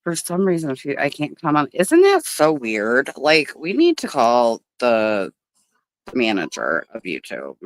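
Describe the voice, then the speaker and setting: Her pitch swoops wildly as this livestream host talks to viewers from a table outside, speaking a little slowly. She doesn't mince words and curses freely, and the audio is dry with barely any echo.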